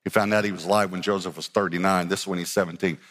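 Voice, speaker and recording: A man's voice: low voice, steady tone, rapid-fire, fairly bright tone, big-room sound. A male pastor preaching a dramatic sermon, often restarting his sentences and acting out scenes. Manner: dramatic, acts out Bible scenes in character voices; repeats words as he restarts sentences.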